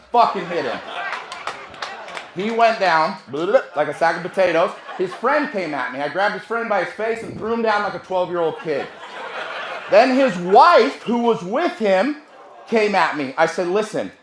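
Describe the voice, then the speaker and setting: A man, a sales trainer, telling a brash, profane story at a seminar, swinging from hushed asides to loud bursts. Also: high voice, expressive, normal speed, reverberant, slight background noise.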